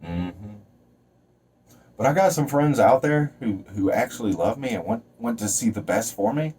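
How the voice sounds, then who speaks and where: Far from the mic, a man with a husky mid-range voice talks at a moderate pace in an animated way. This vlogger delivers a rambling, preachy motivational rant to camera, swearing, jumping between topics, and shouting and stretching words when he gets fired up.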